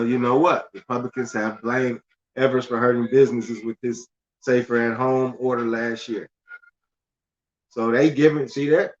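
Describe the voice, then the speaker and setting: A man's voice: medium pitch, a bit bright. Loose-talking man, dull lo-fi sound. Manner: loose and conversational, stumbles and repeats words, laughs at himself. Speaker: finance channel host. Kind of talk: casual livestream talk reading news aloud.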